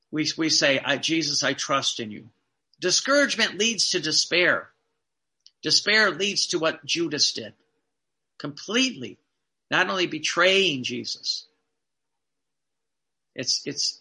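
A man preaching a sermon in an earnest tone, dropping to a hush when he quotes Jesus. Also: sits high.

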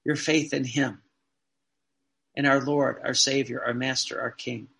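A man's voice: mid-range voice, little pitch movement, a little slow, creaky, bright, forceful tone. A man, a Catholic priest, preaching a sermon earnestly, repeating phrases and asking the listeners rhetorical questions.

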